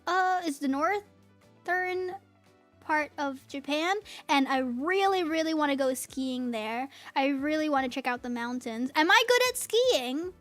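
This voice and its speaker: A woman streaming as a VTuber, chatting casually with viewers in an excitable, giggly, rambling way full of restarts. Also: high-pitched.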